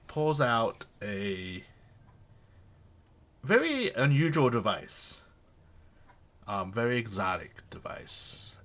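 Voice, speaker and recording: Bright-voiced game master. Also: male voice, lowish voice. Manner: loose, searching, many fillers and restarts. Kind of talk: narrating a tabletop game.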